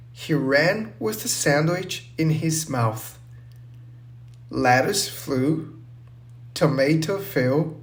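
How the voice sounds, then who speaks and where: Very slow, clear male storyteller. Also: fairly high pitch. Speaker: narrator. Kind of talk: simple English storytelling for learners.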